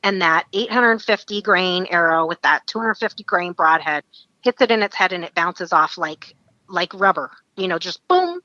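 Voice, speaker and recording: A woman from Alaska, a podcast guest, telling a story in a lively, chatty way. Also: fairly low pitch, moderate pace, no room sound, lo-fi sound. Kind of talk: casual storytelling.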